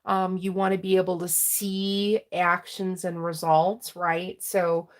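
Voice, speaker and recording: A woman with a slightly low voice reads tarot cards for her viewers in a loose, conversational way. She fills her pauses with "um" and checks in with "right?" and "okay?" as she goes. She slips into laughs and small emotional moments along the way. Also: flat delivery. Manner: chatty, filler-heavy, checks in with "right?" and "okay?"; laughs often and gets emotional while reading. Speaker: tarot reader. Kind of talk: casual tarot reading to camera.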